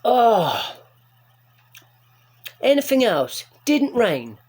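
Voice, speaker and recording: A man, telling a sweary, excitable rant to camera as a vlogger. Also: sits high, moderate pace. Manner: sweary, excitable, animated storytelling. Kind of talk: ranting story to camera.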